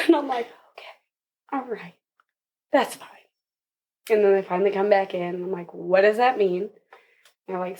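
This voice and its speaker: A woman's voice: mid-range voice, darkish tone. A young woman, a podcast guest, telling her birth story casually and with animation, laughing often and acting out what others said.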